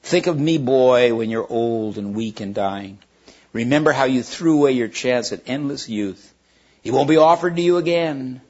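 A man's voice: medium pitch, moderate pace, darkish tone, lo-fi sound, lightly acted. A man voicing a sinister female witch who tempts a boy with sweet, coaxing talk. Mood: scornful. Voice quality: wheedling and coaxing.

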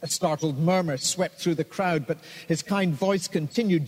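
A man narrates a story with a steady, expressive delivery. His voice sits fairly high for a man. A long, hall-like reverb hangs behind every line. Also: moderate pace, few pauses, breathy edge.

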